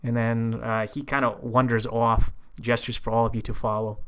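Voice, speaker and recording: Male game master, casual narration, tabletop game, fillers, average pitch. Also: flat delivery, normal speed, fairly bright tone, clear, resonant tone.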